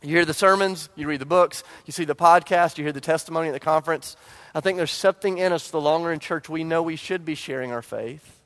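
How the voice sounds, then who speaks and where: A man's voice: fairly high pitch, fast talker, fairly bright tone. A man in his forties preaching to a church congregation, telling a personal story with self-deprecating humor and frequent restarts. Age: 40s. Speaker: pastor. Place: church service before a congregation.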